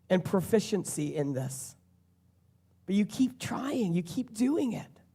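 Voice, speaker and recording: An earnest preacher delivers a sermon in a voice of middling pitch. Key phrases come back again and again for emphasis, in a plain, direct way of talking to a congregation. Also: creaky, a little mellow.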